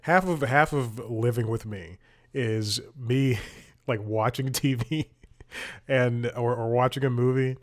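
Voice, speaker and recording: A man's voice: medium pitch, slow. A man hosting a comedic podcast, rambling and self-deprecating, laughing often as he talks. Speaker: podcast host. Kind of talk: casual comedic podcast monologue.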